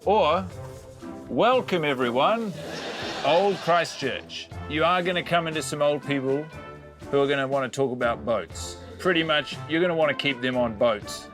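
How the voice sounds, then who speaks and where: A man's voice: mid-range voice, brisk, music in the background. A man with a New Zealand accent, a comedian giving a mock-earnest tour of his handmade display. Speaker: comedian contestant. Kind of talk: comic mock tour presentation.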